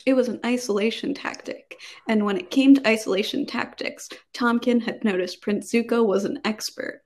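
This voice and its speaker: A woman's voice: fairly high pitch, moderate pace, hardly any pauses, a little mellow. Chatty young woman podcast co-host. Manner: chatty, many fillers, reads passages aloud. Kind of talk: casual podcast chat.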